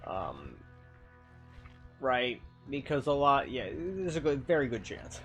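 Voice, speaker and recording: A man streaming a game and chatting casually, swinging between mumbling and loud, swearing exclamations. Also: mid-range voice, very animated, slow pace, soft background music.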